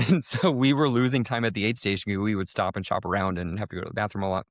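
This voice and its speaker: Man, podcast co-host, low voice, dry close sound, animated storyteller. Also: fast, hardly any pauses, no echo. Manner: animated, jumps pitch for quoted lines. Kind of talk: casual storytelling.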